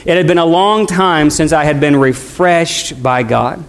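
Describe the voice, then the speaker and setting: A middle-aged man, a pastor, preaching a sermon in a conversational way, speeding up and slowing down as he tells a story. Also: high voice. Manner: conversational preaching with shifting pace.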